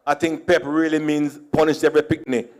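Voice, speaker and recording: There's a little hiss or hum under this fairly high, level-toned male voice, which moves at a fairly quick clip. A middle-aged Jamaican man with a Jamaican accent, he tells comic stories at a conference, mixing Creole with standard English and chuckling at himself.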